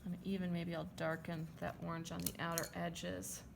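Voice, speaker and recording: A woman's voice: fairly low pitch, flat delivery, moderate pace, vocal fry, noisy background. A woman art teacher talking through a drawing demonstration, chatty and checking in with her students as she draws. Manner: chatty, checks in with "okay?" and "right?".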